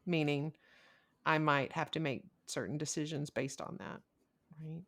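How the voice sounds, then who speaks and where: A middle-aged woman, a couples counselor hosting a podcast, telling stories in a candid, animated way. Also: sits low, moderate pace. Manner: animated storyteller, candid and expressive. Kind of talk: casual conversational podcast.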